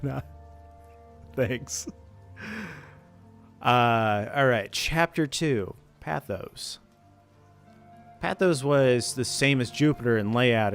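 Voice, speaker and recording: A man reading a creepypasta aloud in a casual way, breaking off now and then to joke and laugh. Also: medium pitch. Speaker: channel host reading creepypasta. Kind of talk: casual read-aloud of a horror story.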